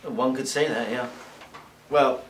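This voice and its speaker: A man's voice: mid-range voice, fairly even intonation, slow, roomy sound, very noisy, natural voice. An actor playing a self-important office training manager who boasts about his many jobs. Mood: pompous. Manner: pompous, boastful.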